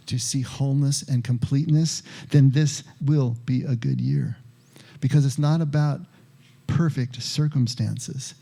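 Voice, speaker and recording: Male pastor giving a sermon: low gravelly timbre, slow measured phrasing, repeats key words for weight. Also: mellow.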